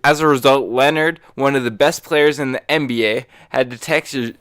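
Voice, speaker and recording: A man's voice: mid-range voice, moderate pace, a bit bright, smooth, no room sound. Easygoing man reading a news story aloud. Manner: steers the talk back to the story. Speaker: podcast co-host.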